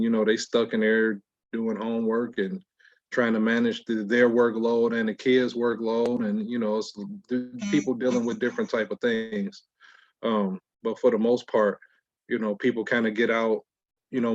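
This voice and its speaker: A man's voice: fairly low pitch, no room sound. A man co-hosting a casual podcast chat, laid-back and peppering his talk with "you know.". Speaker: podcast co-host. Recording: dry, dull lo-fi sound.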